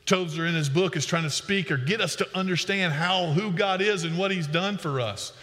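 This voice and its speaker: A man's voice: sits high, normal speed, fairly bright tone, big-room sound. A man preaching a sermon as pastor, emphatic and repeating words for stress.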